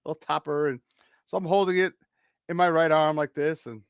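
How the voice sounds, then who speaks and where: A man with a high voice tells a story on a morning sports show, acting out each person he meets. He restarts sentences often and swears without a second thought. The sound is dry and close, with no room around him. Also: brisk, clean tone, no echo. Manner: animated, acts out the people in his story; swears casually, many restarts. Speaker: sports talk show co-host.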